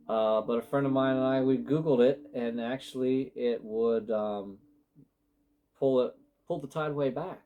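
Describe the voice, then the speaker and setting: A man's voice: medium pitch, unhurried, pauses often, narrow, tinny audio, faint music behind. A man giving a casual spiritual tarot reading, emotional and rambling, often breaking off mid-sentence. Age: adult with sons. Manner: emotional, rambling, self-interrupting. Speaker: tarot reader.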